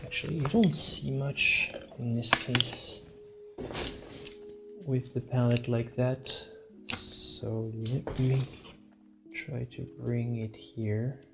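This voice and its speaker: Slow-talking painter streaming live. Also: male voice, medium pitch, steady tone, vocal fry, music in the background. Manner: thinks aloud, halting, chatting with viewers. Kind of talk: casual live-stream chat while painting.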